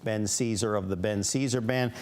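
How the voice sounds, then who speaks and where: A man hosting a TV music interview show, chatting casually and quick to agree with his guest. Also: fairly low pitch, steady tone. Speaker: host. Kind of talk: casual studio interview chat. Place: TV studio.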